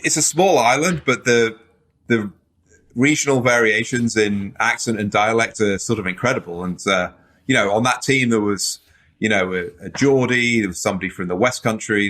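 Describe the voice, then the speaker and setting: This middle-aged man speaks with a British accent and a fairly low voice, sitting as a guest on a casual podcast. He talks easily and rambles a little, filling his pauses with "um" and "you know". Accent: British English. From Britain. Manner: relaxed, rambling with frequent fillers. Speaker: author and journalist guest.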